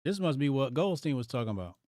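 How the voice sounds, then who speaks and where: A man's voice: medium pitch, sing-song, fast, a little mellow, no echo. Guy with aave riffing on a stream, voice jumps all over, dry close sound. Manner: loose slangy talk, reacting aloud while reading headlines. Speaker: livestream host. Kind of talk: casual live-stream commentary.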